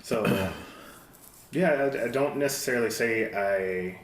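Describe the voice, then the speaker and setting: A man speaking as a guest in a casual podcast discussion, thoughtful and halting with frequent restarts. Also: fairly low pitch. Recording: roomy echo with faint noise.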